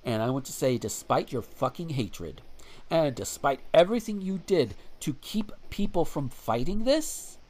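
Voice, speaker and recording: A man's voice: on the high side, big pitch swings, unhurried, darkish tone. A man hosting a podcast in casual chat, rambling and profane with frequent restarts.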